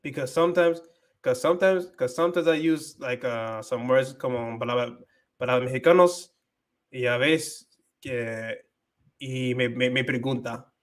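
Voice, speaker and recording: A man's voice: mid-range voice, moderate pace. A young American man whose first language is English, hosting a casual livestream and switching between English and Spanish with many fillers and restarts. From United States. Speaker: livestream host.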